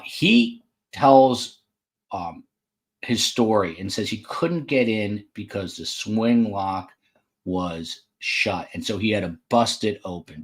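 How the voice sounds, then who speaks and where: A man hosting a true crime podcast, talking casually from a hotel room with frequent fillers and side remarks. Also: on the low side. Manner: conversational, with frequent fillers and asides. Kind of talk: casual live commentary.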